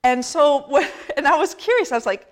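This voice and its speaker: A woman's voice: sits high, expressive, normal speed. A middle-aged woman priest preaching a conversational sermon, self-deprecating and often laughing.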